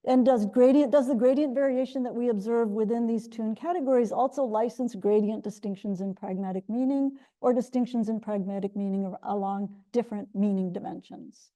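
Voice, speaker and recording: A woman's voice: a little high, brisk, hardly any pauses, warm tone. A middle-aged woman presenting research at an academic colloquium, explaining step by step with frequent self-corrections and restarts. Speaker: linguistics researcher giving a colloquium talk. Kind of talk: academic lecture. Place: lecture room.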